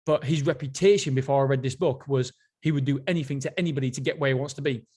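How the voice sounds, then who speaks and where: A man's voice: medium pitch, fast talker, mellow, slightly rough. Enthusiastic rambling man. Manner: enthusiastic, rambling, self-interrupting. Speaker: podcast host. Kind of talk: casual solo book review.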